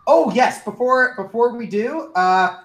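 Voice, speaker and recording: A man's voice: extremely high pitch, lively intonation, a little slow, fairly bright tone, roomy sound, low-quality recording. A man running a tabletop game as game master, chatting casually on a voice call, playful and mock-menacing, laughing often.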